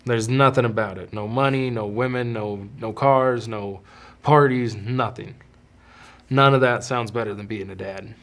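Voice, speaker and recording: A young man hosts a podcast and tells personal stories in a loose, candid way. He often restarts his sentences as he goes. His pitch sits in the middle range. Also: steady tone, a little slow. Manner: candid, rambling with frequent restarts. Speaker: podcast host. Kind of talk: casual storytelling.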